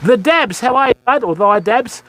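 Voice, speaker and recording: With the waves and surf faintly audible, an older Australian man casts from the beach and chats with his livestream audience, thanking them. He talks at a moderate pace in a very high, expressive voice.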